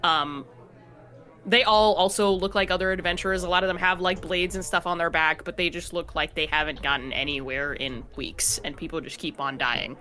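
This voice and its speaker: A woman's voice: on the low side, steady tone, normal speed, sharp tone. A woman game master narrating a tabletop game casually, with many fillers. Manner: casual, filler-heavy storytelling.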